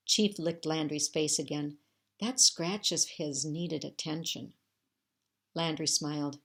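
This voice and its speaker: A woman teacher reading a chapter book aloud to her class, in a steady, measured storytelling manner. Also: low-pitched, vocal fry, slightly rough.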